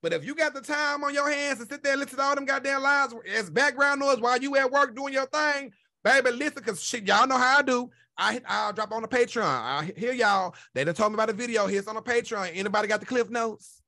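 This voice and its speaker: A man's voice: very high voice, brisk, sharp tone. A man hosting a podcast, ranting in casual chat, blunt and heavy on profanity. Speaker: podcast host.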